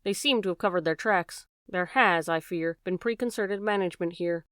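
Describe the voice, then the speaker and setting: A woman voicing a shrewd, measured male detective in an audiobook. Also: on the low side, clear, resonant tone, no echo, studio quality, close to an everyday voice. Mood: calm. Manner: measured, courteous, quietly strategic. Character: cool, shrewd male detective, polite and probing.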